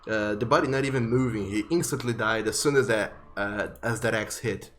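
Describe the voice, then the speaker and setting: A man narrating a tabletop game as game master, vivid but halting, with many fillers. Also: lowish voice, fairly bright tone.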